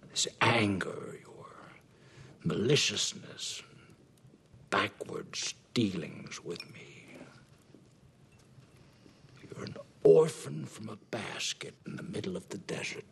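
An actor playing a bitter, ruthless oil-baron father disowning his son, with cold hissing menace that bursts into shouts. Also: fairly low pitch, lively intonation, normal speed, creaky, few pauses, slightly rough, whispered, heavily acted. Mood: venomous. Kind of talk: amateur film scene re-enactment.

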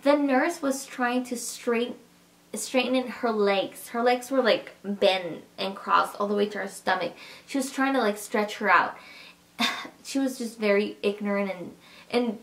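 A young woman speaks straight to her viewers in a casual vlog, telling a personal story in a chatty, emotional way. Her voice sits at a middle pitch and carries a gravelly fry. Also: unhurried, a bit bright. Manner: chatty and emotional, addresses viewers as "you guys". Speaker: vlogger.

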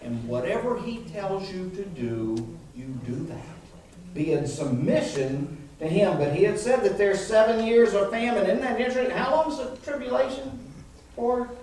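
A man preaches with animated energy to a congregation, asking them to answer him. His voice sits fairly high. The recording is very echoey and catches him from a distance in a church hall. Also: moderate pace, a little hiss or hum. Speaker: pastor. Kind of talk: sermon. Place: church sanctuary.

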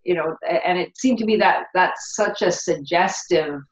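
A woman's voice: lowish voice, moderate pace, echoey room, dull audio. A woman in a casual podcast discussion, speaking thoughtfully and searching for her words.

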